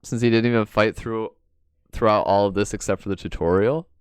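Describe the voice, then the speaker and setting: A man's voice: fairly low pitch, steady tone, a little fast, smooth, no room sound. A man streaming a video game, chatting casually and reading the on-screen dialogue aloud.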